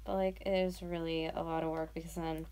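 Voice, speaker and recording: Chatty young woman with a gravelly low voice. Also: level tone, brisk, mellow. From North America. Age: 20s. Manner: rambling, chatty, drifting into whispers while working. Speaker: YouTuber. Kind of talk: casual livestream chat while sculpting.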